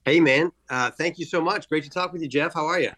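A man's voice: a little high, fairly quick, a bit bright, no echo. A man who is a guest on a radio talk show, answering casually and easygoing, with hesitant fillers. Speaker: guest on a phone or remote line. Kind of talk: casual interview chat.

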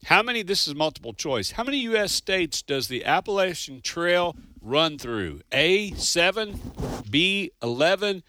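A man's voice: a little high, sing-song, a little slow, pushed and bright. A man co-hosting a radio call-in show, chatty and playful, laughing easily. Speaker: radio co-host. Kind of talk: casual radio chat.

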